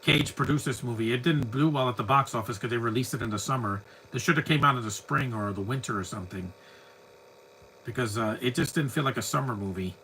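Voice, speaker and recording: A man's voice: mid-range voice, fast, sharp tone, slight background noise, low-quality recording. A man giving a live movie commentary, chatty and opinionated, full of rambling asides. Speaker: film commentator.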